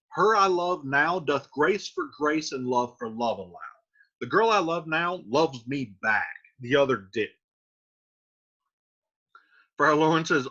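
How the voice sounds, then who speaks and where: A man's voice: on the high side, sharp tone. A male teacher explaining a play line by line, reading verse aloud and then paraphrasing it casually. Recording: dull lo-fi recording.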